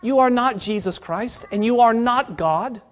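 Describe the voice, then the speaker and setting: A high-pitched man preaching a sermon to college students. His talk is conversational and earnest, addressed straight to the listeners, and it swings from forceful emphasis down to quiet, near-hushed asides. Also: unhurried. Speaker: preacher at a Bible college chapel.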